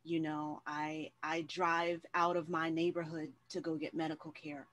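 Woman moderator, lower voice, chatty and conversational, lots of fillers. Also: little pitch movement, unhurried. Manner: warm-hearted, chatty, many fillers and restarts. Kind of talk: casual conversational hosting.

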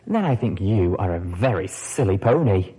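A man reading the part of an adult female pony radio host, gentle and playfully teasing, with a lively, husky tone. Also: low-pitched, moderate pace, full character voice, poor audio.

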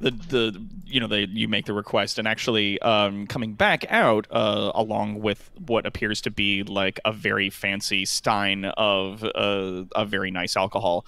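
A man's voice: lowish voice, level tone, normal speed, few pauses, bright, forceful tone. Rambling male game master. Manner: rambling, lots of fillers, laughs easily. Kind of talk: narrating a tabletop game.

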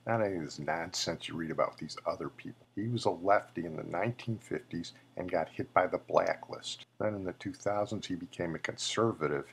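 A man's voice: deep voice, brisk, gravelly, few pauses, breathy edge. A male podcast host giving opinionated, conversational commentary on a memorial show.

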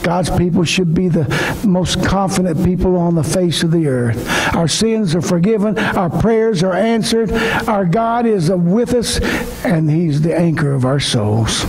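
Male pastor, very high voice, slow delivery, emotional sermon with shouted peaks. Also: a little hiss or hum, low-quality recording. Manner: emotional, swings from shouting to quiet.

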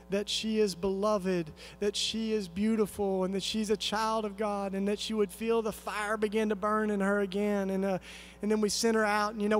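High-voiced earnest man preaching. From East Tennessee, USA. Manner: earnest, conversational, many fillers and restarts. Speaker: conference speaker. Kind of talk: storytelling sermon talk.

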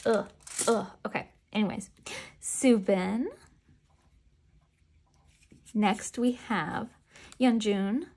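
A woman's voice: mid-range voice, steady tone, very slow, long pauses, darkish tone. A woman chatting casually as she unboxes merchandise, chatty and self-deprecating with giggly asides. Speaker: unboxing vlogger.

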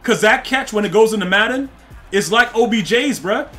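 A high, bright-voiced man streams a football video game and talks straight to his chat. He talks in loose slang and trash-talks the players, with faint music under him. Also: animated, normal speed. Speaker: gaming streamer. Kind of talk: casual live-stream commentary.

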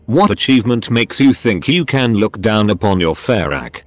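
A man's voice: lowish voice, lively intonation, moderate pace, no room sound, natural voice. A man's synthetic voice reading the lines of a cold, scolding female necron executioner who hisses her words. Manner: hissing, scolding.

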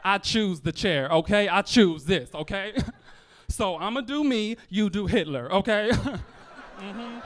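Male stand-up comedian, high voice, bright and animated delivery, playful, club stage, handheld mic. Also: measured pace, long pauses, slight background noise. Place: comedy club stage before a laughing audience.

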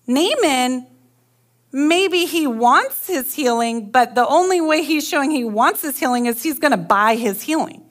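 A woman pastor preaching a sermon, reading scripture and retelling it in an animated storytelling way while asking listeners to agree. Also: a little high.

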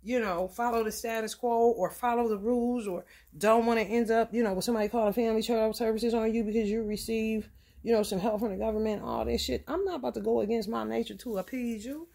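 Blunt, gravelly-voiced woman tarot reader. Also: on the high side, steady tone, fast talker, dark tone. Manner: blunt, profane, preachy. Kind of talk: casual tarot reading.

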